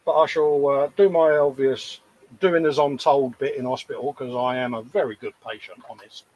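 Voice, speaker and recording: A talkative man chatting in a relaxed, jokey way at his workbench, teasing himself and slipping into quick mock voices. His voice sits at an ordinary middle pitch, with a faint hiss behind it. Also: muffled recording. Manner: chatty, jokey, self-mocking, breaks into quoted voices. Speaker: co-host of a model-building livestream. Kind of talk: casual chat.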